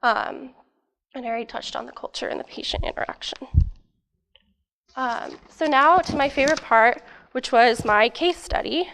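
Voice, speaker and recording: A young woman gives a student presentation in a casual, eager way, filling her pauses with "um" and "like." Her voice sits a little high and sounds slightly worn. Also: a bit bright, a little hiss or hum. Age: young adult. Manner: casual, many fillers, eager. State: losing her voice. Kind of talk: academic presentation.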